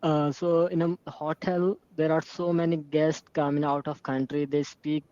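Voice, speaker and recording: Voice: medium pitch, flat delivery, warm tone. Hesitant learner, dull line. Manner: hesitant, halting, with grammar slips. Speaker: English learner in a hotel job. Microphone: video call.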